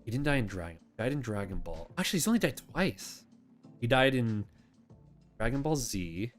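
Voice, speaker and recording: A man's voice: medium pitch, big pitch swings, normal speed, soft background music. A man hosting a casual chat, answering viewer questions in a rambling, self-correcting way and laughing often.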